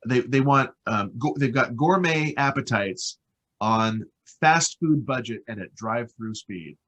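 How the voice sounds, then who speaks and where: American male VO talent, husky voice, energetic, rambling interview chat. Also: medium pitch, measured pace. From United States. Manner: enthusiastic, rambling with fillers. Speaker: voice-over artist guest.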